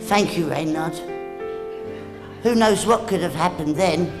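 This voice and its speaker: A man in his thirties with a squeaky, high voice, doing cheeky, quick-fire stand-up comedy. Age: 30s. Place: theatre stage. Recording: live stage show with crowd and music. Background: audience laughter and music.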